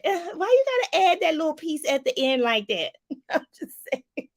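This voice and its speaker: Woman life coach talkin to y'all, aave, lively, laughs a lot, bit of fry. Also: high-pitched, moderate pace. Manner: animated, laughing, talks straight to the viewer with "y'all". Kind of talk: casual advice talk to viewers.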